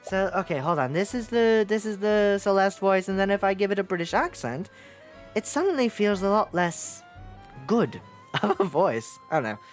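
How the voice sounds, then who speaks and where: A woman's voice: mid-range voice, sing-song, moderate pace, faint music behind. Chatty, self-mocking woman streamer. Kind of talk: casual gameplay commentary.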